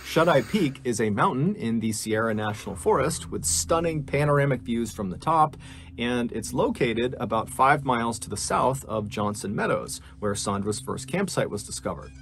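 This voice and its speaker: A man narrating a true missing-person story in a steady storytelling manner that builds suspense. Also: mid-range voice, normal speed.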